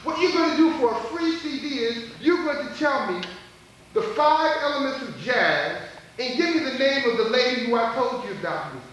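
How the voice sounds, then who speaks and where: A man's voice: very high-pitched, expressive, moderate pace, a bit bright. A man emceeing a live audience quiz at a college event, teasing contestants playfully and laughing often. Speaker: emcee quizzing audience members. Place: large college event hall. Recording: echoey hall taped from far off, noisy old videotape.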